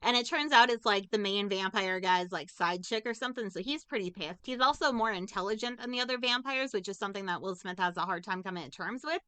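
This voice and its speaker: A woman's voice: medium pitch, fast talker, few pauses, pushed and bright, smooth, no room sound. A woman co-hosting a casual movie review podcast, giving an emotional, rambling recap of a film and swearing often. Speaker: podcast co-host.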